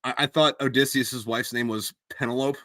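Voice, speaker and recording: A man's voice: mid-range voice, fairly quick, crowd noise. A man hosting a casual live-stream chat about his own books. He rambles and puts himself down, with plenty of fillers and restarts. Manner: rambling and self-deprecating, full of fillers. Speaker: host and author of the books.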